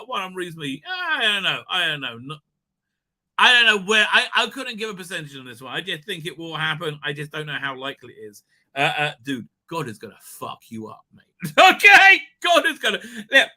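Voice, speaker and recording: A man hosting a live stream, talking in a rambling, animated way, swearing and laughing often. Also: high-pitched. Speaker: livestream host. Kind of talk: casual live-stream chat.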